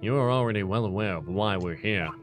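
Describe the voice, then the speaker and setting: Brief: a man playing a composed male prosecutor, low-pitched, dry and measured. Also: over music, close to an everyday voice.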